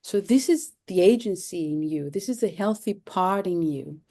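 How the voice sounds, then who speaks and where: A woman's voice: lowish voice, expressive, moderate pace, mellow. A woman therapist from Cyprus as an interview guest, speaking thoughtfully with many fillers and repeated phrases. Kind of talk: interview conversation.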